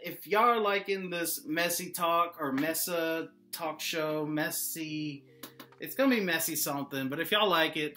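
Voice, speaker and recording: Young man, bright voice, rambling casual monologue, lots of filler words, soft music under. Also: fairly high pitch, unhurried. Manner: rambling, joking, heavy use of "like". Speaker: vlogger.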